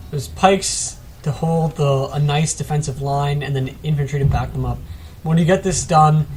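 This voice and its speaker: A man's voice: on the high side, a little mellow, slight background noise. Rambling man commentating a game replay. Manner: rambling, self-mocking, chatty asides. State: a bit sick. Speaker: gameplay commentator.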